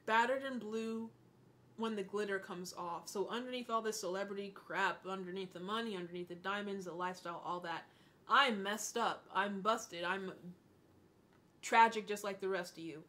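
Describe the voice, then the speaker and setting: A woman in her twenties hosting a casual music reaction, gushing and excitable, swearing when she gets worked up. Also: mid-range voice, moderate pace. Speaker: music reaction channel host.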